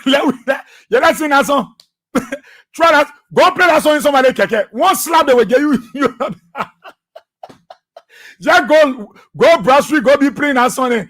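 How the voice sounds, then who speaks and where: A man's voice: very high voice, a little slow, long pauses, fairly bright tone. A man with a Liberian English accent hosting a political radio talk show, laughing often and mocking his rivals, repeating phrases for effect.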